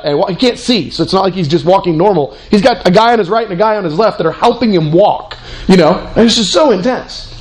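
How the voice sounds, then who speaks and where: A man preaching a sermon in an animated, conversational way, with fillers and restarts. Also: sits high.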